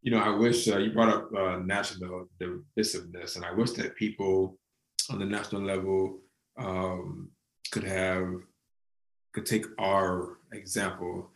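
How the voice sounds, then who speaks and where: Male interview host; low voice, friendly and rambling, recorded in an echoey room. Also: little pitch movement, unhurried. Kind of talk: conversational interview.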